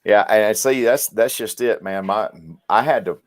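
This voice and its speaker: A man's voice: fairly low pitch, normal speed, no room sound, clean studio sound. A middle-aged man with a Southern Mississippi drawl, telling folksy stories as a guest on a casual podcast. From South Mississippi, USA. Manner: folksy, animated storyteller with a drawl. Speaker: podcast guest, medical instructor.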